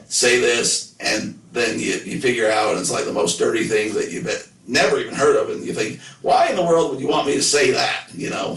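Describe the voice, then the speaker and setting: A man's voice: medium pitch, fairly bright tone, echoey room, distant mic, low-quality recording. A man hosting a casual podcast, rambling and joking about himself in a loose, self-deprecating way. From United States. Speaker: podcast host. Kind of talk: casual chat.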